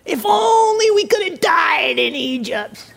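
A woman's voice: extremely high pitch, very animated, a little slow, creaky, pitched above the performer's own voice, heavily acted. A woman putting on a whining, grumbling desert crowd. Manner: moaning, then hushed whispering complaints. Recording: long hall reverb.

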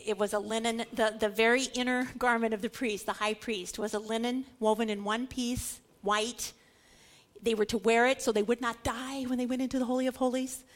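Animated woman teaching scripture. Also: fairly high pitch, moderate pace. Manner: animated, emphatic, dramatizes quotes, repeats for stress. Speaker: Bible teacher.

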